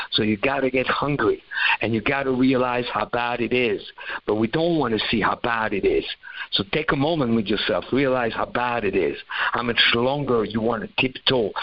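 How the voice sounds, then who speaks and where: Man, motivational coach, emphatic and preachy, mid-pitched, muffled lo-fi audio. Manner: emphatic, preachy, acts out quoted voices. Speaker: pickup coach.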